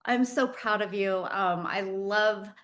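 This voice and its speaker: A woman's voice: medium pitch, slow pace, fairly bright tone. Encouraging woman hosting a program. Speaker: host of an online training program. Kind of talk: casual chat.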